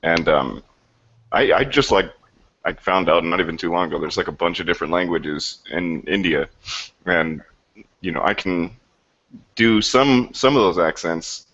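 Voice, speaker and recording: A man's voice: low-pitched, normal speed, long pauses, fairly bright tone. A man chatting in a loose, laid-back way on an online call, with fillers. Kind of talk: casual online call chat. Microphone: computer mic on a video call. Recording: dull lo-fi online call audio.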